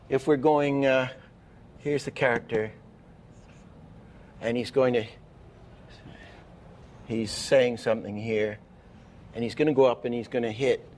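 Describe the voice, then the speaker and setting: A man's voice: mid-range voice, a little mellow, a little hiss or hum. A man giving an animation masterclass lecture, explaining with false starts and counting frames aloud. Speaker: animation teacher.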